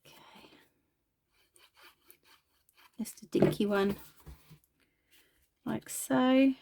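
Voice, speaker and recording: A woman's voice: on the high side, fairly even intonation, extremely slow, gravelly, background noise. A woman chatting casually while crafting, self-deprecating and talking as she works. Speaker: craft video host.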